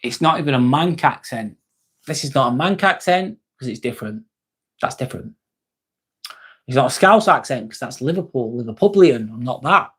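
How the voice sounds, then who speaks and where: With a mid-range, slightly bright voice and a breathy edge, this East Lancashire man from Northwest England speaks expressively at normal speed. He hosts a relaxed livestream, reading viewer comments, calling everyone mate and swearing freely.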